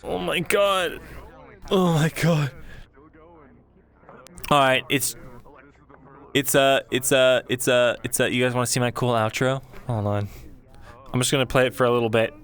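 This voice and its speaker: A man's voice: medium pitch, level tone, moderate pace, a bit bright, clear, resonant tone. A man streamer casually signing off his roleplay stream, joking, laughing and thanking his chat.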